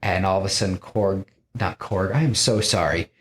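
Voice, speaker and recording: A man with a fairly low voice pitches a story on a casual podcast. He tells it in an animated, rambling way, full of fillers like "you know" and "kinda". The delivery is loose and conversational. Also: normal speed. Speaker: podcast host.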